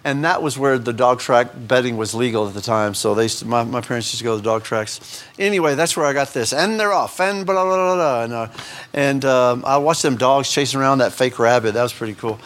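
A man's voice: mid-range voice, fairly quick, fairly bright tone. A man preaching a sermon in a folksy, conversational way, reading scripture with rising emphasis. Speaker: pastor.

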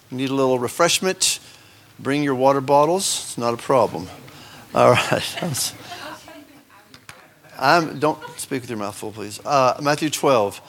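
A man preaching a sermon in a church. He lifts his voice for scripture and drops into chatty asides. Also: fairly bright tone. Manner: rises in pitch for emphatic scripture passages, drops into asides. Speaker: pastor. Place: church sanctuary.

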